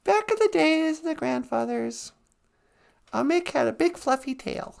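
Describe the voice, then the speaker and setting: Telling a traditional animal tale, this woman speaks in a high, animated voice with vocal fry and a slightly mellow quality, never hurrying. She keeps it conversational, chatty, and funny, like casual storytelling.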